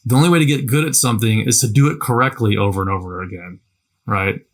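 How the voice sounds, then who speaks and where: A man's voice: on the low side, fast. Man giving a casual language lesson. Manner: conversational, repeats words, asks "right?" often. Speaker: language teacher. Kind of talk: casual instructional talk.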